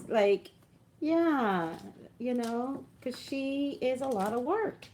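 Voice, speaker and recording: A woman's voice: medium pitch, darkish tone, slight background noise. A woman hosting a casual live stream from home on a phone, chatting, laughing often and greeting viewers by name. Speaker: livestream host. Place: indoors at home, dim lighting. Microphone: phone livestream.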